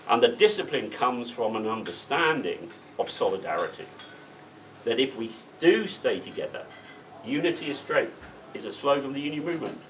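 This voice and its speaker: A man's voice: medium pitch, fairly bright tone, far from the mic. A middle-aged man addresses a meeting, blunt and wry, dropping sardonic asides between his points. He sounds set back from the microphone, and the sound is dull. A faint hiss sits under his voice. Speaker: guest speaker at a political meeting. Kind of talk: political speech. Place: meeting room.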